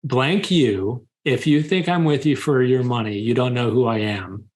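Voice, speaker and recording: A man's voice: mid-range voice, normal speed, natural voice. A man quoting his upset wife, raising his voice a little for her indignant lines. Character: upset young wife confronting her boyfriend.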